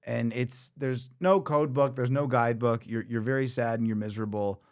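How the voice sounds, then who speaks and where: A man's voice: medium pitch, fairly even intonation, normal speed. A man co-hosting a comedy podcast, telling a story casually and often laughing and acting out quoted texts. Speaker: podcast co-host.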